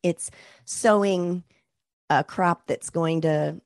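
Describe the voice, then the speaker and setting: A woman hosting a faith interview, speaking in a gentle, reflective, encouraging way. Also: fairly low pitch, steady tone, takes it slowly, no echo, clean studio sound.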